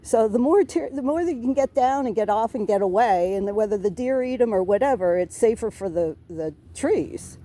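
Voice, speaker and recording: A woman's voice: fairly high pitch, lively intonation, brisk, few pauses, dark tone. A middle-aged woman telling a police officer about a neighbor's harassment, rambling and aggrieved, swearing and restarting her sentences. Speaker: tenant reporting harassment to police. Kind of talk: emotional complaint to an officer.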